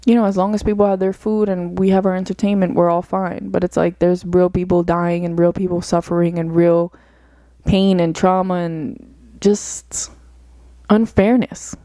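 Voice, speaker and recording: Here a young female podcast host muses through a reflective solo episode, earnest and meandering, leaning on "like" and "you know." She speaks briskly with few pauses, her fairly low, mellow voice barely moving in pitch, and the recording has no room sound.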